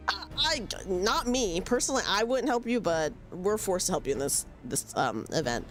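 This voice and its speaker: A woman's voice: mid-range voice, big pitch swings, moderate pace, hardly any pauses, soft background music. A young woman chatting casually on a game stream, giggly and self-deprecating, speaking into a desk mic at home. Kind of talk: casual live-stream chat.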